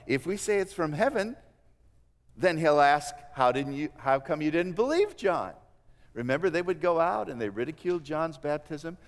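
A man preaching a sermon in an animated way, acting out the voices of the people he quotes. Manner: animated, acts out quoted voices with big pitch swings. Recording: long reverb of a large hall.

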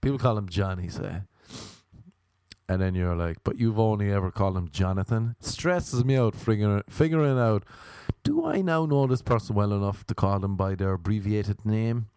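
A man's voice: on the low side, animated, moderate pace, a little mellow, clear, resonant tone, no room sound. A man doing a casual comic monologue, rambling, profane and self-mocking.

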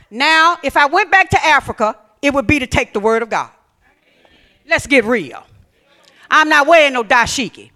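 A man pastor preaching a sermon, reading scripture aloud and questioning his congregation, rising to shouted emphasis. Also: extremely high pitch. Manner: reads scripture aloud and comments on it.

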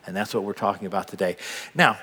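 An older man preaching a sermon, telling stories with big swings between loud bursts and hushed asides. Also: on the low side, fairly even intonation, quick pace, breathy edge. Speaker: pastor. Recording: long hall reverb.

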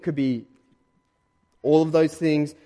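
A man with an Australian accent preaching a sermon in a conversational, emphatic way, pushing louder on key points. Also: a little high, steady tone, slow, long reverb tail. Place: church hall.

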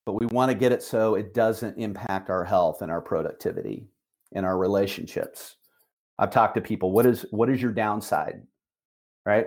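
A middle-aged man, a managing broker, giving an emphatic motivational talk on a call, repeating key phrases with slow, deliberate stress. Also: on the low side, a little mellow.

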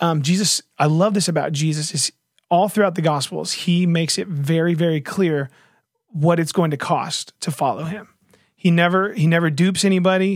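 A man's voice: on the high side, no echo, clean studio sound. A man talking earnestly in a casual faith discussion, retelling a story with lots of fillers and restarts.

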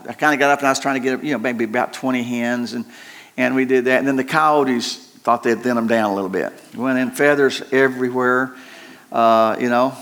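A man's voice: mid-range voice, fairly bright tone. A middle-aged man, preaching a sermon in a folksy, joking way and rambling with many restarts. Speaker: pastor.

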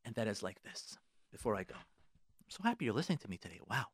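A man's voice: on the low side, sing-song, fast, breathy edge, no room sound. A man, a rabbi and marriage therapist, giving advice on the radio, emphatic and repetitive, with Hebrew and Yiddish words in his talk.

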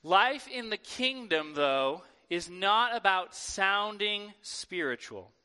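A man preaching a sermon to his church in a lively, conversational way, acting out quoted voices. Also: high-pitched, takes it slowly, clear, resonant tone. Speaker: pastor. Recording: long hall reverb.

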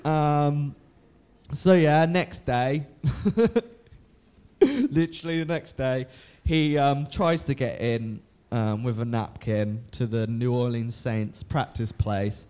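A man's voice: medium pitch, takes it slowly, a little mellow, clear, resonant tone. A young man recapping a book in a loose, rambling way, swearing freely and filling gaps with ums and likes. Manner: swears freely, lots of fillers.

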